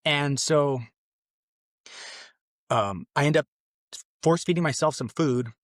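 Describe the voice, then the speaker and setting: A man's voice: fairly high pitch, slow, dry recording, studio quality. A man in his late twenties, a podcast guest telling his personal conversion story in an earnest, loose conversational way. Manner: earnest, loose and conversational, acting out his own past thoughts.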